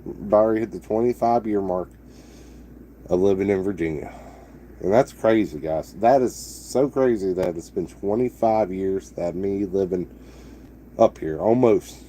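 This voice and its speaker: Relaxed rambling man from Texas. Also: deep voice, unhurried, slight background noise. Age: 30s. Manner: loose and rambling, with many restarts and fillers. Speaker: vlogger. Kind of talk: casual rambling chat to camera.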